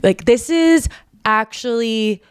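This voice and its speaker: Smooth-voiced woman rambling wryly. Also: fairly high pitch, slow, no room sound, clean studio sound. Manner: rambling, self-interrupting, wry and exasperated. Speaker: podcast host. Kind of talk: casual chat to camera. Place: indoors, under a blanket.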